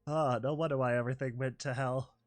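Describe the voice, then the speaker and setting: A man's voice: medium pitch, steady tone, fairly quick. A man reading a fan story aloud as its narrator. He laughs often and breaks off the reading to react with commentary.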